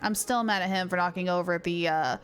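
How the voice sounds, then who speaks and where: A woman's voice: on the low side, fairly quick, a bit bright, faint music behind. A young woman streaming a game, chatting casually and self-mockingly with viewers while she plays. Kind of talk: casual live-stream chat while gaming.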